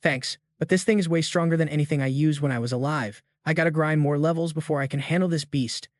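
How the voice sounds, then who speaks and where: A man's voice: on the high side, fast, natural voice. Seha, a man reading a timid undead ally. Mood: nervous. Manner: nervous, modest.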